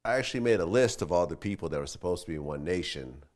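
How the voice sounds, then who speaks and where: A man interviewing a guest, speaking in a quick, quiet, low-key way. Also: lively intonation. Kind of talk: interview questions.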